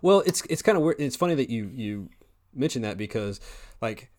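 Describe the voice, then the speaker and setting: A man's voice: mid-range voice, lively intonation, moderate pace, darkish tone. A man co-hosting a podcast, recapping a film and asking questions in loose, filler-heavy casual chat. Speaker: podcast co-host. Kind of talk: casual movie discussion.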